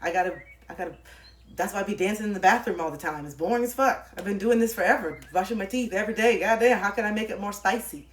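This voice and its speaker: A woman's voice: medium pitch, quick pace. A woman on a livestream giving a blunt, profane motivational talk, repeating points for emphasis and laughing often.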